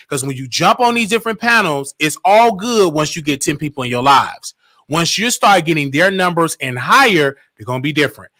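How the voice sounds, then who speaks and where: Bright, dry-sounding interview host man. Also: a little high, animated, moderate pace, dry recording. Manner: casual, reads questions, short affirmations. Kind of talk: livestream interview.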